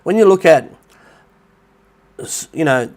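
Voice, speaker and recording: Speaking slowly in a slightly high, expressive, somewhat mellow voice, this middle-aged Australian livestream host chats and rambles from his rented beachside apartment in Thailand. He calls out viewers by name, and his blocked nose makes him sound nasal.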